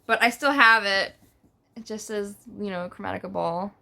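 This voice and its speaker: A woman with a New York accent telling a casual storytime vlog, animated, profane and full of slang. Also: mid-range voice, normal speed, creaky. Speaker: vlogger.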